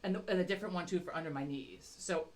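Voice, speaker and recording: A woman's voice: fairly low pitch, rapid-fire, slight background noise. A middle-aged woman on a podcast, telling a rambling, self-mocking story with constant swearing. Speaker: podcast co-host. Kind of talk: casual chat.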